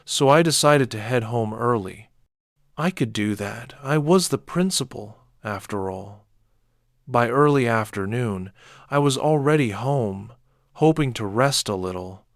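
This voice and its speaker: A man narrating a first-person horror story in a measured, dark way. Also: medium pitch, lively intonation, dry recording, studio quality.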